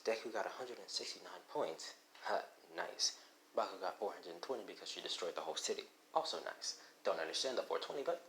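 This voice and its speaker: A man's voice: sits low, a bit bright, rough recording. A young man casually retelling his own fan fiction at a home microphone, rambling offhandedly and cutting himself off mid-sentence. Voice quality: rambling, offhand, self-interrupting. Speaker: fan storyteller. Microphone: home microphone without headphones. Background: faint background noise.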